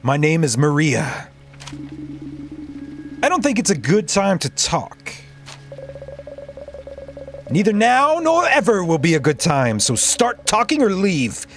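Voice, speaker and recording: A man's voice: on the high side, very animated, takes it slowly, long pauses, fairly bright tone, faint music behind, exaggerated voice. Man putting on a scornful, irritable wife. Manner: curt and hostile. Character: irritable, scornful married woman.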